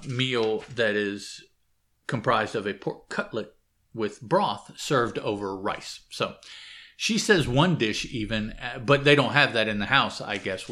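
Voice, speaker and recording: A man's voice: lowish voice, sharp tone. A man reading a comic book aloud and commenting on it casually, hesitant, with frequent fillers and self-corrections.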